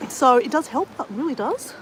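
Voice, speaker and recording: A woman's voice: high-pitched, animated, fairly quick, slight background noise, poor audio. An Australian woman chatting to her live viewers, rambling with many fillers and restarts as she exercises. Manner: exercising while talking. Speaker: vlogger. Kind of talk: casual chat to live viewers.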